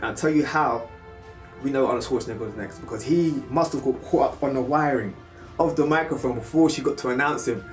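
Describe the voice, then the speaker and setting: A man's voice: mid-range voice, fairly quick, faint music behind. Chatty British man, distant mic. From United Kingdom. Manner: chatty and animated, slips into loud film impressions. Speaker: vlogger. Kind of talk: casual storytelling.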